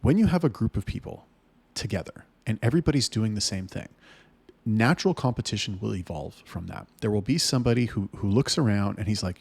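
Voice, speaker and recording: Gravelly blunt man ranting. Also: fairly low pitch, animated, brisk, a little mellow, no room sound. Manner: blunt, heated, swears a lot. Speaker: business owner talking to camera. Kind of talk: casual rant to camera.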